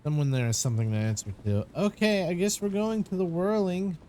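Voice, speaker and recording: A man's voice: high-pitched, brisk, a little mellow, a little hiss or hum. A man casually commenting while playing a game, chatty and joking, reading game text aloud. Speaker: gameplay commentator. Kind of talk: casual let's-play commentary.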